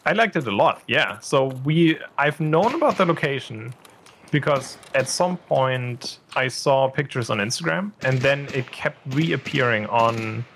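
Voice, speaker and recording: A man's voice: medium pitch, animated, unhurried, a bit bright, a little hiss or hum. A man co-hosting a podcast, chatting casually outdoors, hesitant and agreeable with many fillers. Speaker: podcast co-host, photographer. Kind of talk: casual chat. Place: outdoors at an industrial park.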